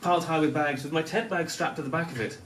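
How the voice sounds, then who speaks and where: A young man from Newcastle with a softened Northern English accent, telling a self-deprecating personal story to a live audience, often laughing as he talks. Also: fairly high pitch, fast, a little hiss or hum. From Newcastle, North of England. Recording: echoey room, mic at a distance.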